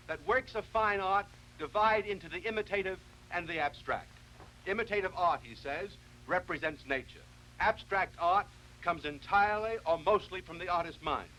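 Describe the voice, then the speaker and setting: A man giving a televised philosophy lecture, explaining in a measured, deliberate way and often restarting his sentences. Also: high-pitched, animated, pushed and bright, a little hiss or hum, low-quality recording.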